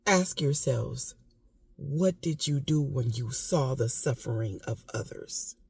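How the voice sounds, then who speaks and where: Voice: mid-range voice, lively intonation, slow pace, vocal fry, darkish tone, husky. A vlogger giving impassioned casual commentary, emphatic and repetitive, with occasional coughing. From United States.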